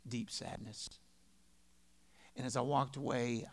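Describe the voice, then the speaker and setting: A middle-aged man preaching a sermon in a conversational, storytelling way, swinging between loud and quiet. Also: mid-range voice, fairly even intonation, moderate pace, creaky, long pauses, slight background noise. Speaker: pastor.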